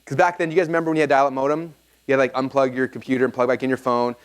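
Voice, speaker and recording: A man presenting a seminar to a live audience, telling a story in an energetic, casual way with lots of "like" fillers. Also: medium pitch, very fast, clean tone.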